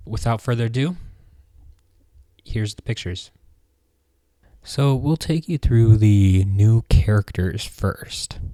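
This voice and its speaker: A man hosting a casual fan news roundup, relaxed and rambling with plenty of ums and restarts. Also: fairly low pitch, no room sound, studio quality. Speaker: host of a fan news show.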